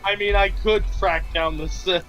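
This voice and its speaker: A young man co-hosting a casual game development stream, with dry, deadpan teasing. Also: sits high, moderate pace, soft background music, low-quality recording.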